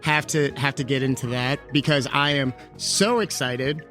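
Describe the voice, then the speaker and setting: A man's voice: medium pitch, fairly even intonation, moderate pace, a bit bright, faint music behind. Upbeat man podcast host. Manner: upbeat, welcoming. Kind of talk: casual chat.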